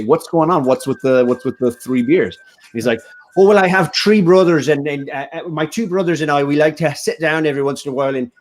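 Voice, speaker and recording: A man's voice: medium pitch, slight background noise. A man on a casual live stream, telling a joke in a hesitant way with many fillers. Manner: hesitant, lots of uh. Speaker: stream guest.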